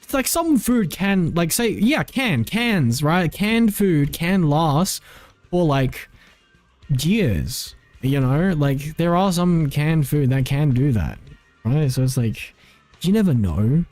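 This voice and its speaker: A man's voice: fairly high pitch, expressive, takes it slowly, darkish tone, no echo, faint music behind. A man streaming and chatting casually, rambling with lots of "like" and frequent self-corrections. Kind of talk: casual live-stream chat.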